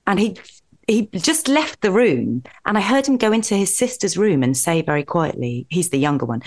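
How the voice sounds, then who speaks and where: A British woman in her forties, a podcast guest telling candid personal stories with a self-deprecating, animated manner and frequent laughter. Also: mid-range voice, normal speed. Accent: British English. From Britain. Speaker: podcast guest, comedy actress. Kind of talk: candid conversational storytelling.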